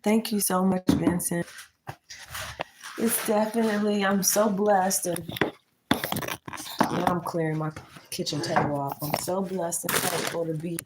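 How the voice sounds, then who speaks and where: A candid woman in her late thirties chats casually to her viewers while she tidies the kitchen of her small apartment. Her voice sits fairly low for a woman. The home recording carries a clear layer of background noise. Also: fairly even intonation, a little slow, pauses often. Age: 30s. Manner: chatty, candid, talks to viewers as y'all. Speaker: vlogger. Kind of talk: casual chat while doing chores.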